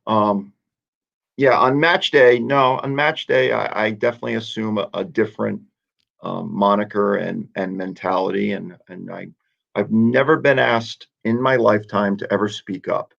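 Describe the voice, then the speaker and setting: Man, gravelly low voice, soccer coach, joking about himself, muffled sound. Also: steady tone, normal speed, fairly bright tone. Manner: self-mocking, restarts often. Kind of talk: casual radio interview.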